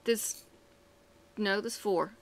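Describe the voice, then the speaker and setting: A woman chatting casually to camera in a lively, self-mocking way. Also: medium pitch, very slow. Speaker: vlogger.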